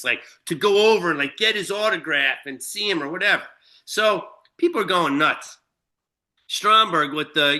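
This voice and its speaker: A high, bright, forceful voice belongs to a guest storyteller from Shelter Island, New York. In casual chat he delivers a long, profane anecdote riddled with fillers and restarts.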